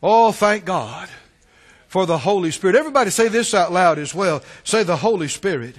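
A man preaching a sermon, his delivery swelling into emphatic shouts and dropping to hushed asides. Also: high voice, lively intonation, normal speed. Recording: long hall reverb.

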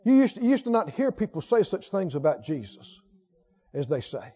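A man preaching a sermon in a church, fervent and emphatic, swinging from loud to hushed. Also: fairly high pitch, big pitch swings, a little fast, husky. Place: church sanctuary. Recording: lo-fi recording with long hall reverb.

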